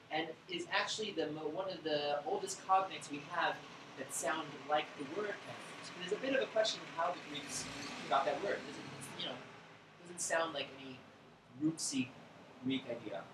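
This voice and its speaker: Rambling male lecturer in an echoey bookstore. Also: on the high side. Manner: rambling, irreverent, thinks aloud. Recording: echoey room with background noise.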